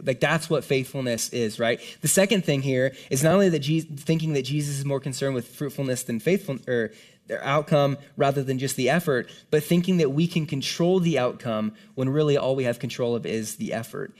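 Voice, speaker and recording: A man's voice: medium pitch, brisk. A man preaching a conversational sermon to a congregation, earnest and casual, often checking in with "right?". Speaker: pastor. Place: room with a live congregation.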